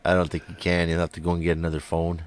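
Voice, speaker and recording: A man's voice: low voice, completely flat delivery, very fast. A man co-hosting a casual podcast chat, making dry, blunt short remarks.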